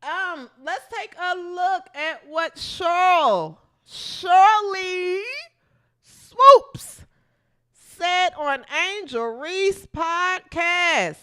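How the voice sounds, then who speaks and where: Sassy high-voiced woman host. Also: expressive, very slow, a bit bright. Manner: sassy, emphatic, talks straight at the person she criticizes. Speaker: podcast host. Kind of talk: comedic sports commentary.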